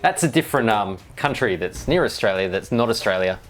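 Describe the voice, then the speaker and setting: Man, middle-aged, DIY chat, jokey, rambling, lively swooping pitch. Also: a little fast, a little hiss or hum. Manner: rambling and jokey, with wry asides. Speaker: DIY video maker. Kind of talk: casual chat reading viewer comments.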